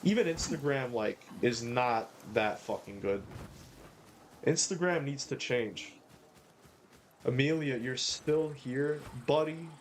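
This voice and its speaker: A man's voice: mid-range voice, takes it slowly, noisy background. A man live-streaming a game, ranting and swearing as he talks to his chat. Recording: game music behind.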